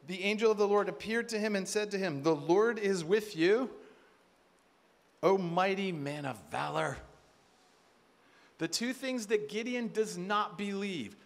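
A man preaching from a conference stage, animated and full of rhetorical questions. He slips into quoted voices as he goes, and his voice sits high for a man. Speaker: conference speaker. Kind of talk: sermon.

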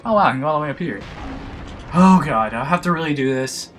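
A man with a nasal voice and a slight lisp, loudly and excitably commentating his own gameplay, swearing and joking constantly. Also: on the high side, fast talker, faint music behind. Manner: loud, excitable, heavy swearing and jokes. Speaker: let's play gamer.

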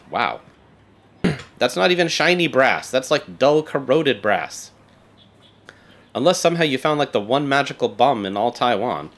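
A man's voice: mid-range voice, sing-song, a little slow, pauses often, a bit bright, slight background noise. A man chats through a let's-play video, playful and sarcastic as he reacts. His voice sits in a middle register but moves around a great deal. The talk is loose and casual. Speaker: game streamer.

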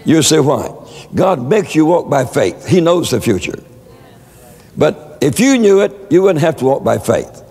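A man's voice: on the high side, sing-song, normal speed, a little mellow, slightly rough, big-room sound. A man preaching a sermon, telling stories with many stammered repeats. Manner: storytelling with frequent stammered repeats.

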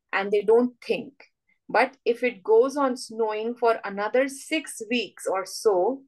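A woman with an Indian English accent voicing a gloomy, self-pitying old male donkey in a slow, mournful storybook reading. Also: fairly high pitch, rough recording.

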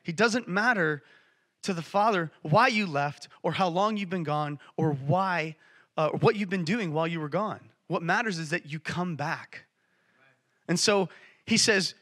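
A man's voice: sits high, unhurried, fairly bright tone. A man preaching a sermon in church, telling a Bible story with passion and emphasis. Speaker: church speaker.

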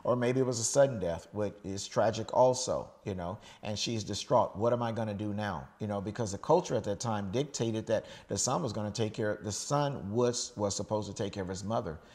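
A middle-aged man from the United States preaches in a loose, conversational style. His voice sits slightly low, and he often pauses to ask "okay?" and restarts his sentences as he talks through a scripture passage. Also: darkish tone. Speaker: pastor. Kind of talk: sermon.

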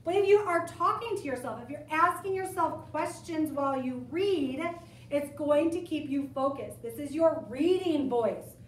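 Chatty high-voiced woman teaching class. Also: normal speed, a little hiss or hum. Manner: chatty, animated, jokes with class. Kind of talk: classroom lesson to students. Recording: echoey room, camera from far off.

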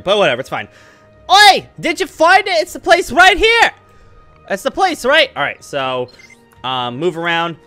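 A young man gives loose, goofy let's-play commentary, rambling as he plays. His voice is bright and lively and jumps up and down in pitch, with soft game music running underneath. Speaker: gaming channel host.

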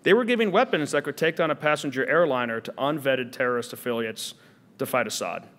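A man's voice: medium pitch, a little fast, a bit bright. A man answering audience questions at a seminar, combative and sardonic. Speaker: speaker at a seminar. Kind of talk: lecture Q&A answer. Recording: long hall reverb.

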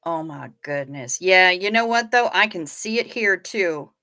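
A woman's voice: on the low side, lively intonation, a little slow, sharp tone. A woman hosting a livestream, chatting casually and gushing over viewer photos and comments. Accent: Midwestern American. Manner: gushing, playful, laid-back. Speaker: livestream host.

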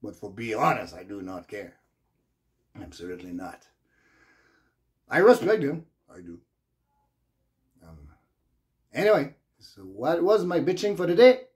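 A man's voice: on the low side, wildly swooping pitch, a little slow, pauses often, a little mellow. A man from Quebec with a Quebec French accent, a native French speaker, ranting casually to camera in loose grammar, swearing freely and rambling. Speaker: vlogger.

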